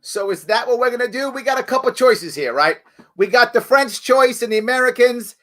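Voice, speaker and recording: A middle-aged man hosts a live online show. His voice is bright and sits high. He talks conversationally, with emphatic asides and frequent "right?"s. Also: lively intonation, a little fast. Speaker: show host.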